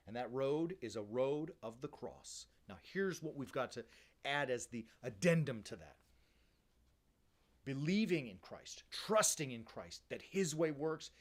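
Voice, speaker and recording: An energetic male priest preaches in a loose, conversational way. His voice sits at an ordinary middle pitch, and he keeps tossing in "right?" and bits of casual slang. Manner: uses casual slang like "bro" and "baby". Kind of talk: sermon.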